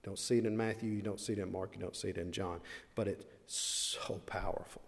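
A man preaching a sermon, dramatic in delivery, dropping to hushed asides and then rising to loud, slow, emphatic phrases. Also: low voice, fairly even intonation, vocal fry. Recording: long reverb of a large hall.

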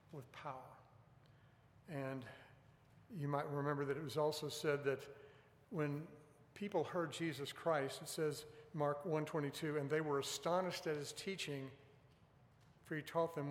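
Man preaching in an echoey hall. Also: a little high. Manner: earnest, emphatic, stresses key words. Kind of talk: sermon. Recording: echoey hall with long reverb.

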